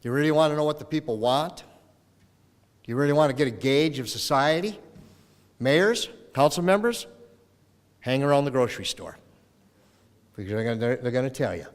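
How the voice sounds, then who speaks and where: In the long-reverb acoustics of a city hall council chamber, a middle-aged Minnesota man gives his farewell speech as outgoing mayor. His mid-range voice has lively intonation and a moderate pace with long pauses, and he tells folksy stories, acting out the voices.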